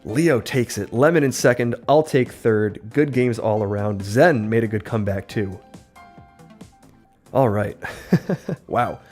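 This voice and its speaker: Male streamer, lively play-by-play, slightly tired voice, mid pitch, faint music bed. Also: normal speed, few pauses. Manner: upbeat, excitable play-by-play. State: voice slightly worn. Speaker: livestreamer. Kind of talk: live gameplay commentary. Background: faint game music.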